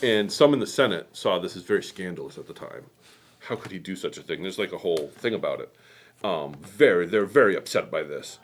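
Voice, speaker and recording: A man with a lowish voice spins a loose, chatty history tale on a quilting stream. He wanders off into asides and fillers, jumps between excitement and mumbling, and keeps talking as he works. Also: a little fast, slight background noise. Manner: rambling, animated, many fillers and asides. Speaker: host. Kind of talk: casual history storytelling while quilting. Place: quilt shop.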